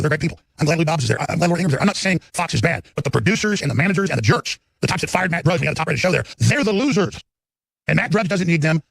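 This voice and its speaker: A man's voice: fairly high pitch, creaky, a bit bright, husky, no echo. A man in his forties hosting a talk show, delivering an unscripted, emphatic, rambling live monologue.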